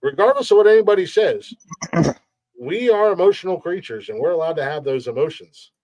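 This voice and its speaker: A man's voice: a little high, animated, brisk, a little mellow, dry recording. Stammering, chatty podcast host, a man. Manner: stammering, repeats words, laughs often. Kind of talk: casual chat.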